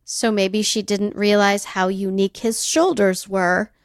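A woman co-hosting a podcast, reacting with quick exclamations and questions. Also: medium pitch, fairly even intonation, clean tone, no echo, clean studio sound. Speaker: podcast co-host. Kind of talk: casual chat.

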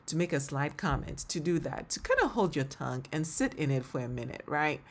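A woman with a Ghanaian accent speaks on her solo faith podcast in a low, full voice. Her talk is earnest and heartfelt, and she laughs often as she reflects. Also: sing-song, brisk. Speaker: podcast host and ministry leader.

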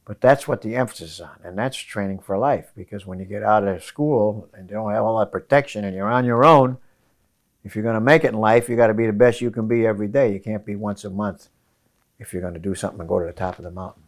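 A man, a high school running coach, giving emphatic interview answers in a hotel room and repeating his key phrases. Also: fast talker.

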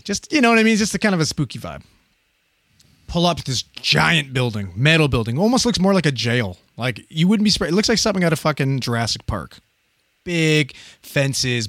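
A paramedic in his thirties tells a story in a loose, profane, animated way, jumping into the voices of the people he quotes. His voice sits at an ordinary middle pitch. The sound is close and dry, with no room echo. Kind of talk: casual storytelling.

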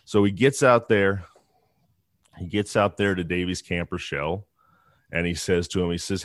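A man with a deep, low-pitched voice tells a true-crime story in a loose, conversational way. He often restarts his sentences and slips in asides. The sound is dry and close, with little room echo. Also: steady tone, normal speed, pauses often.

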